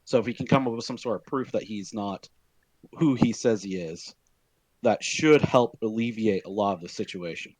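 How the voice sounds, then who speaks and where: A man with a lowish voice sums up the plan for his gaming group, stopping often on "uh" and "um". The sound is dry and close. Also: moderate pace, a little mellow, dry recording, poor audio. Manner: full of filler words, steering the group. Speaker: tabletop game player. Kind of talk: casual planning talk at the game table. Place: home, online voice chat.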